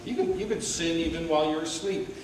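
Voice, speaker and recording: A man preaching a sermon, swinging between loud rhetorical questions and low, quiet asides. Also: fast talker. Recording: very echoey hall, mic at a distance, faint hiss.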